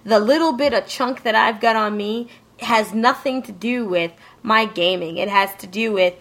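A woman's voice: medium pitch, normal speed, a bit bright. A woman co-hosting a casual chat, emphatic and ranting, swearing freely.

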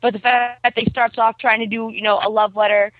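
A woman's voice: on the high side, a little fast, dry recording. Chatty woman on a tinny phone line. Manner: rambling, animated, lots of fillers. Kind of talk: casual chat retelling an anime plot. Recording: tinny phone-like dry sound.

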